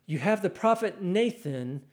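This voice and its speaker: A man's voice: sits high, a little slow. A man preaching a sermon, reading scripture aloud and acting out the quoted cries with a raised voice. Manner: animated, acts out scripture quotes, raising voice for cries.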